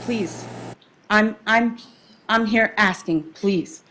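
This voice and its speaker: A woman's voice: medium pitch, takes it slowly, sharp tone, a little hiss or hum. A woman speaking during public comment at a town council meeting, emotional and pleading as a parent.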